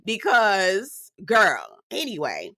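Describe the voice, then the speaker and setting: A chatty woman recaps a reality series with plenty of sass, talking straight to her viewer as "girl". Her voice is bright and forceful, and it swings up high whenever she wants to stress a point. The sound is dry and close, with no room around it. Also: slow pace, dry recording. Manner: animated, swinging up high for emphasis. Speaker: reality TV reviewer. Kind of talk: casual recap commentary.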